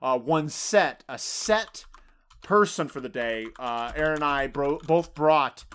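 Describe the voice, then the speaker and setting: A man's voice: on the high side, slow pace, fairly bright tone, smooth. Joking man co-hosting a podcast. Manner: joking, rambling with frequent fillers. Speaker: podcast co-host. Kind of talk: casual chat.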